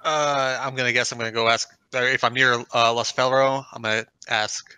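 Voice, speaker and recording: A man's voice: medium pitch, fairly even intonation, fairly quick, sharp tone, smooth, no echo. A man playing in a tabletop game, casually declaring his character's actions with fillers. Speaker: player.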